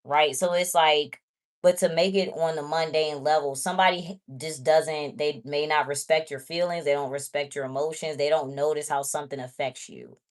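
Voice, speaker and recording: Low-voiced woman doing a casual tarot reading. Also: steady tone, normal speed. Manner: chatty, blunt, talks straight to viewers. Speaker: tarot reader.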